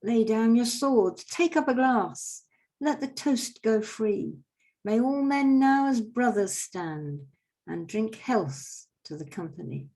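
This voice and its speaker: A woman voicing an old Father Christmas in a folk mummers' play, a peacemaking guardian who pleads in slow rhymed verse. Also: fairly high pitch, lively intonation, dark tone, voice pushed up. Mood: solemn.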